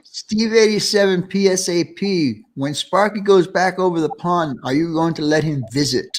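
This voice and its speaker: A man's voice: sits high, normal speed. A man with a New York accent hosting a casual live stream, reading viewer comments aloud and laughing easily.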